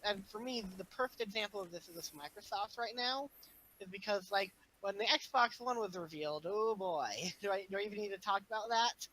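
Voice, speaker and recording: A man talking casually on a podcast, rambling with lots of fillers and animated swings in emphasis. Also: high-pitched, slight background noise, low-quality recording. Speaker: podcast guest. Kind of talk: casual chat.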